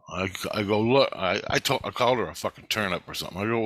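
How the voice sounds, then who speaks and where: Low-voiced man, profane agitated rant, bright edge, dry close sound. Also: expressive, quick pace, few pauses, dry recording. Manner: profane, agitated, repeats himself. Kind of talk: angry rambling monologue.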